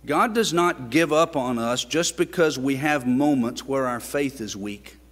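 Slow, earnest preacher in a reverberant church. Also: male voice, fairly bright tone. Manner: earnest, rises in pitch for emphasis and questions. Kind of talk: sermon. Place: church sanctuary. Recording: long reverb of a church sanctuary.

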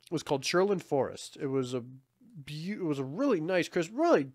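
A man's voice: fairly high pitch, expressive, normal speed, no room sound, studio quality. A man co-hosting a casual podcast, rambling through nostalgic stories and swearing often. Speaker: podcast co-host. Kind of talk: casual chat.

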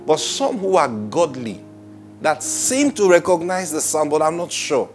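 A man preaching a Bible study sermon, animated, acting out quoted voices and laughing often. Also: on the high side, unhurried, music in the background.

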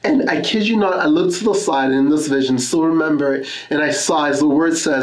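A man preaching an earnest sermon, weaving personal testimony with Scripture readings. His voice sits a little high for a man. The sound carries the echo of a church room. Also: a little fast, few pauses. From Canada. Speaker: pastor.

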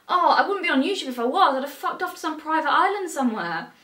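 A woman's voice: high-pitched, lively intonation, fast, bright, forceful tone. Sarcastic English woman, roomy distant mic. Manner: sarcastic, mocking questions. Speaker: commentary YouTuber. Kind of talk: commentary rant.

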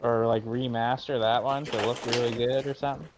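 A man's voice: medium pitch, little pitch movement, a little fast. A man chatting casually while gaming with friends, stubbornly insisting on his opinions. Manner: argumentative, insistent. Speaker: friend playing along. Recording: dull lo-fi mic with faint hiss.

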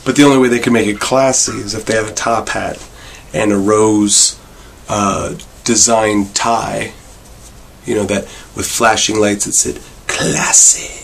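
A man vlogging a rambling comic monologue with wry, meandering deadpan asides. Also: fairly low pitch, unhurried, vocal fry, slight background noise. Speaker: vlogger and bar worker.

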